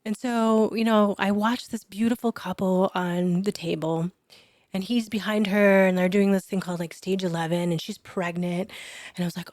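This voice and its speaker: A woman with a mellow, warm voice tells a personal story as a podcast guest. She is animated and sometimes drops to a whisper for her inner thoughts. The sound is dry and close to the mic. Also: medium pitch, moderate pace, no room sound. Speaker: chiropractor guest. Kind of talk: storytelling in an interview.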